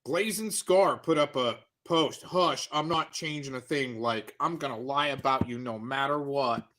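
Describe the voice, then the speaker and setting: A man's voice: mid-range voice, unhurried, pushed and bright. A man chatting casually on a livestream with wry, offhand remarks.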